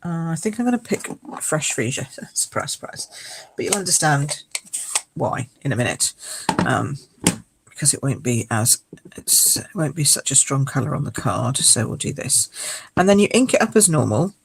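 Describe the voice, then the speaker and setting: Croaky woman demonstrating card making. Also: sits low, sing-song, normal speed, rough recording. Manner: chatty, explains step by step with fillers. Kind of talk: live craft demonstration.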